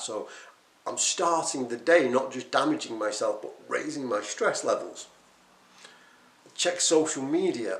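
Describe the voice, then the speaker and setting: A vlogger who coaches people to quit smoking talks to his camera off the cuff, joking about his old habits with animated emphasis. He keeps an ordinary mid-range pitch, takes his time, and pauses often, while the room adds a noticeable echo.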